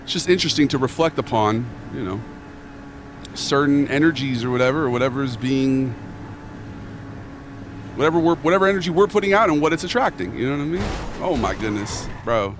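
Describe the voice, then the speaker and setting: Young male streamer, slangy rambling chat, average pitch, faint traffic behind. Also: animated, a little fast. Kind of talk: casual live-stream chat.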